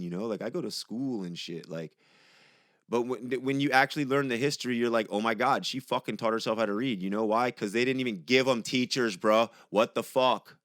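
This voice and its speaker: A man's voice: mid-range voice, a little fast, a bit bright, dry recording, studio quality. A young man hosting a podcast, talking in a heated, profane, conversational monologue. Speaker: podcast host. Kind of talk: casual monologue.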